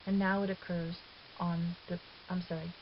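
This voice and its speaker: A woman calmly explaining a grammar lesson as a recorded teacher, patient and step by step, now and then correcting herself. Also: fairly low pitch, moderate pace. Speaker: Greek teacher. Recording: dull hissy lo-fi 2009 recording.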